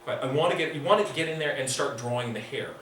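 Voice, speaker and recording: A man's voice: medium pitch, fast talker, fairly bright tone. A man teaching a nature drawing class in an enthusiastic, conversational way. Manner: enthusiastic, conversational, acts out inner voices. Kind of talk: lively teaching talk. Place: club meeting room. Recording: echoey room, mic far off, faint hiss.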